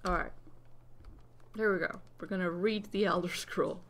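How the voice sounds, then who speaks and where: A woman giving excitable, giggly let's play commentary as the channel host. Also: lowish voice, normal speed, slight background noise. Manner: excitable, exclaiming and giggling at the game.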